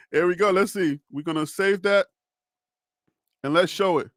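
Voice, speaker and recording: A man's voice: high voice, lively intonation, slow pace, pauses often, a bit bright, no echo, clean studio sound. A man with a Liberian accent hosting a live college sports stream, chatting animatedly with viewers and reacting to their comments. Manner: frequent laughs and self-talk. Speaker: sports channel host.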